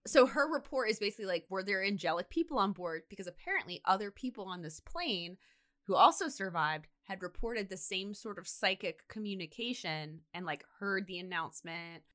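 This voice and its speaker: A woman's voice: medium pitch, expressive, brisk, a bit bright. A woman co-hosting a podcast, casually retelling a story and acting out the quotes with lots of "like". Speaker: podcast co-host.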